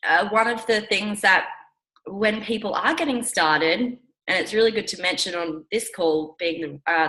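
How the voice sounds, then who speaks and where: A woman with a husky morning voice, a little sick, giving an upbeat, chatty talk as a guest speaker on a conference call and often asking her listeners questions. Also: mid-range voice, pushed and bright, rough recording.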